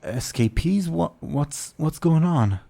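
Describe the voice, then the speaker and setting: A man playing a flustered, rushed city guard. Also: fairly high pitch, expressive, creaky, mellow, voice pushed up, heavily acted.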